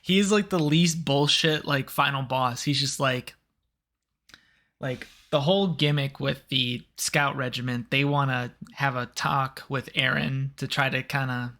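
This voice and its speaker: A man with a bright, forceful voice, chatting casually on a podcast. He is animated and profane, and he jumps into quick impressions of characters. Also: medium pitch. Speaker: podcast co-host. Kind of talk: casual podcast chat about an anime.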